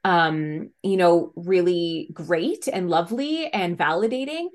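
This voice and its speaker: A woman's voice: fairly low pitch, slow. A mother speaking as a podcast guest, earnest and reflective, with frequent "like" fillers. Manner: earnest, reflective, uses 'like' often. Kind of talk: casual conversation.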